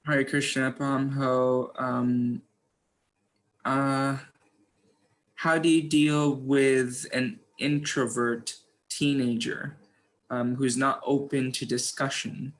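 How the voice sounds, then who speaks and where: A man's voice: mid-range voice, little pitch movement, takes it slowly. A man hosting a webinar, polite and hesitant, with many fillers. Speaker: webinar host. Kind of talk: moderating a webinar.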